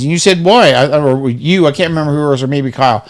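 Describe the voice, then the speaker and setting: A man's voice: a little high, animated, fast talker. A middle-aged man in casual chat, ranting heatedly with lots of swearing and stammered restarts. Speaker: co-host.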